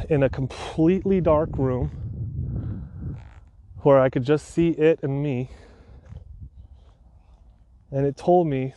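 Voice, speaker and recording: A man's voice: fairly high pitch, dark tone, a little hiss or hum. A man podcasting, telling a personal story in an earnest, heartfelt way, with sighs between thoughts.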